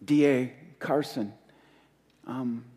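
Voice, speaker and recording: A man preaching a sermon as pastor, impassioned, repeating key phrases and letting his voice rise and fall with pauses. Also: medium pitch, warm tone, in a large hall.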